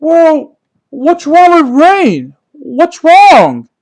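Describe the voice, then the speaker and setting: A man voicing a cheerful, patient male apple who gently coaxes his friend in a homemade puppet story. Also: very high-pitched, huge pitch swings, drawn-out words, heavily acted. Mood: coaxing. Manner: gentle, coaxing, asks questions.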